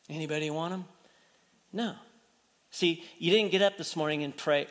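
Male pastor, conversational sermon delivery, higher pitch, reverberant hall. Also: moderate pace, a bit bright. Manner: conversational preaching, rhetorical questions, restarts.

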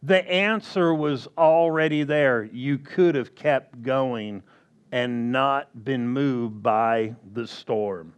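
A man preaching a sermon slowly and emphatically, often asking the congregation questions. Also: mid-range voice, clear, resonant tone.

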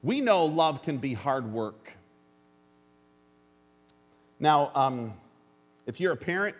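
A man's voice: fairly high pitch, lively intonation, slow, pauses often. A pastor preaching a sermon to his congregation, earnest and plainspoken, with dry jokes and calls for an amen. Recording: long hall reverb.

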